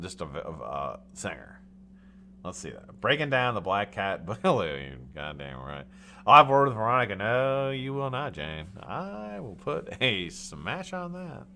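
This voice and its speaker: Lively joking man, bright voice. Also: lowish voice, a little hiss or hum. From United States. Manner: animated, joking, reads chat names aloud, swears. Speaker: livestream host. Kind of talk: casual live-stream chat.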